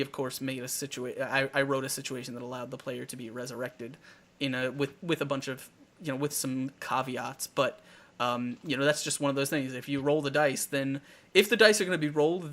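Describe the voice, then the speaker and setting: A man hosting a live talk show, telling game stories in a rambling, animated way with lots of restarts. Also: medium pitch, brisk. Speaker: talk show host and dungeon master.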